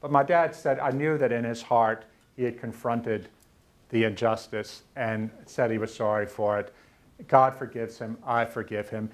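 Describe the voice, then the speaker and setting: A man's voice: medium pitch, fairly even intonation. Middle-aged man, mid-range voice; earnest lecturer who stumbles and repeats words in emotional stretches. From Louisiana, US South. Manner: earnest, halting, repeats words when moved. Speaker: author giving a lecture. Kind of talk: personal storytelling lecture. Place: university lecture room.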